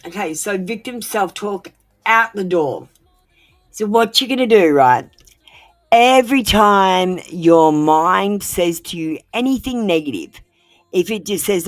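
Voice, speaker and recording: A woman's voice: mid-range voice, animated, measured pace, soft background music. A woman giving frank, casual advice on a tarot livestream while feeling unwell, swearing freely and dropping in many fillers.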